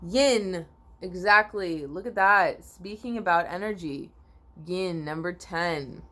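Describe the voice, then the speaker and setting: A woman giving a spiritual oracle card reading to viewers, sleepy and yawning, rambling with repeats and restarts and often clearing her throat. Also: on the low side, slow pace, a bit bright.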